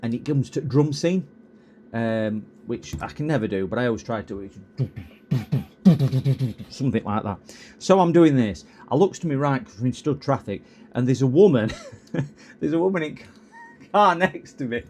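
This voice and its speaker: A man's voice: mid-range voice, lively intonation, normal speed, darkish tone, slight background noise. A man who streams himself repairing electronics, chatting casually and rambling off on tangents while he solders. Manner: rambling, chatty, easily sidetracked.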